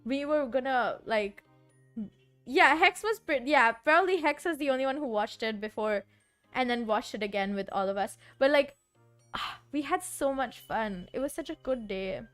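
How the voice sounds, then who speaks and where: A woman's voice: high voice, lively intonation, moderate pace. Giggly, rambling young woman streamer. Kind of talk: casual chat while composing music. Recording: faint background music. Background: soft background music.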